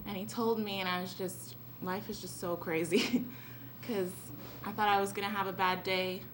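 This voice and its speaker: A woman's voice: mid-range voice, flat delivery, moderate pace. A teenage girl giving a rambling, giggly thank-you speech as an honored student at a school event. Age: late teens. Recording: noisy event recording.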